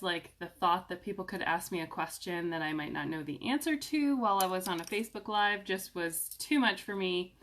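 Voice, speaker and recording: A woman talking casually to camera in a vlog, chatty and upbeat, with filler ums and lively swings in pitch. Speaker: essential oils vlogger.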